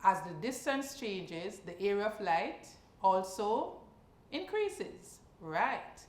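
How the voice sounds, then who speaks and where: A woman's voice: mid-range voice, sing-song, takes it slowly, reverberant. Woman teacher walking through a science table. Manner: explains step by step with frequent checking questions. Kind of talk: exam practice lesson.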